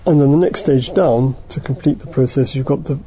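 Heard on a rough recording, this man has a warm, mid-range voice. He teaches a study group by reading passages out and then working through them in a thoughtful, halting way, frequently stopping to correct himself mid-sentence.

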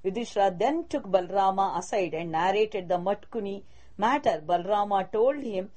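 A woman reads an old tale aloud at a steady mid-range pitch. She keeps to a plain narrating voice and shifts only a little for the quoted characters. Now and then she stumbles and restarts a word. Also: moderate pace. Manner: reads a prepared text, with small slips and restarts. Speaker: storyteller. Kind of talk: read-aloud story narration.

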